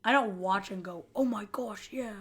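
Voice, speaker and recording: A woman's voice: medium pitch, normal speed, a bit bright, breathy edge. A young woman co-hosting a podcast in casual chat, teasing and laughing often. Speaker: podcast co-host.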